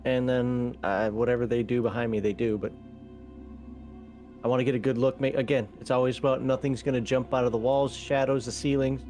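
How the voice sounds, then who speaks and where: A man plays a tabletop game, thinking his moves through aloud in a deliberate way. His voice sits at an everyday middle pitch. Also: little pitch movement, darkish tone, faint music behind. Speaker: player. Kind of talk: casual tabletop play.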